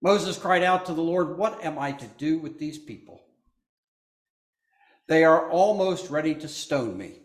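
A man's voice: fairly high pitch, lively intonation, roomy sound. A man preaching a sermon, reading scripture and adding asides to the congregation. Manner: slow, deliberate delivery with asides to the congregation.

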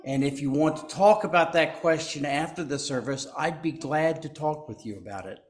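A man's voice: on the high side, moderate pace. A man preaching a sermon as pastor, speaking in a folksy way and joking with the congregation between points. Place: church sanctuary. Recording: echoey church.

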